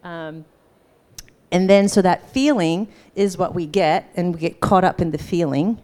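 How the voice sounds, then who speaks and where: A woman's voice: lowish voice, a little slow. A woman teaching a live class in a conversational way, often checking in with her listeners and acting out bits of dialogue. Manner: animated, acts out quoted dialogue. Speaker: workshop teacher.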